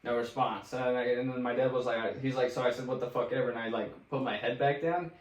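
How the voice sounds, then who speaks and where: A young man chats loosely on a podcast, full of fillers and casual swearing. His pitch is average. He sits back from the mic, so the room echo comes through. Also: fast, highs cut off. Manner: relaxed, swears freely, many fillers. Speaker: podcast co-host. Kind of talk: casual chat, storytelling. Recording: roomy sound, distant from the mic.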